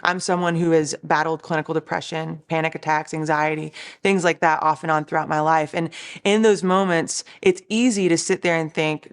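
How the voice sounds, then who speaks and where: A woman's voice: low voice, steady tone, normal speed. A woman, a Christian recording artist, giving an earnest, encouraging devotional talk in a conversational way.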